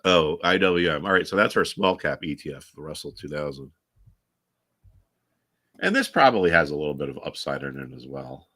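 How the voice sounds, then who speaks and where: A man's voice: a bass voice, lively intonation, normal speed, pushed and bright. A man hosting a live trading stream, chatting casually and with strong opinions, full of restarts and fillers.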